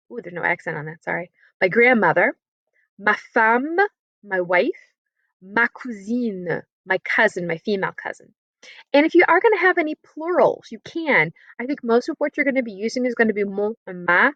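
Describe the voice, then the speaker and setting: A woman teaching a French lesson in English, upbeat and encouraging, sounding words out slowly. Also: mid-range voice, fairly bright tone, dry recording. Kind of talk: recorded remote lesson. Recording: dry, slightly dull computer-mic audio.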